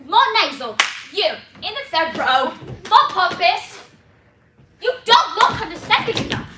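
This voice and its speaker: A woman's voice: extremely high pitch, very animated, a little slow, heavily acted. A girl playing a pompous accent teacher. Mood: theatrical. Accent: put-on British. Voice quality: theatrical, exaggerated, pompous. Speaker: student competitor performing a comic piece. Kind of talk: humorous stage performance. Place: school auditorium stage. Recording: echoey hall from far off, noisy.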